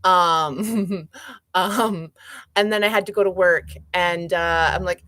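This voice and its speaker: Woman, low voice, show host, slow deliberate reading, casual rambling chat, filler words, dry close sound. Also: fairly even intonation, fairly bright tone, dry recording.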